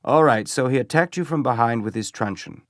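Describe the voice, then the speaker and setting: A man voicing a calm, courteous and methodical police inspector in an audiobook. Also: medium pitch, brisk, dry recording, clean studio sound, pitched above the performer's own voice, close to an everyday voice. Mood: deliberate.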